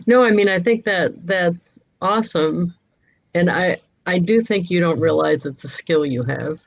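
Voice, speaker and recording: A woman's voice: lowish voice, a little slow, vocal fry. A woman hosting a casual chat, cheerful and laughing often. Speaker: host. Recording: dull, dry lo-fi audio.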